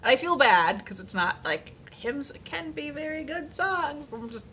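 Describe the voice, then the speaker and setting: A woman vlogger chatting casually, animated and playful, with lots of fillers and little sung snippets. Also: high-pitched, moderate pace. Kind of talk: casual chat.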